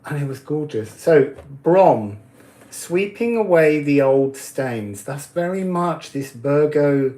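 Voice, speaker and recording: A man's voice: fairly high pitch, darkish tone. A man giving oracle card readings in a casual live-stream chat, talking easily, answering viewers' comments and laughing often.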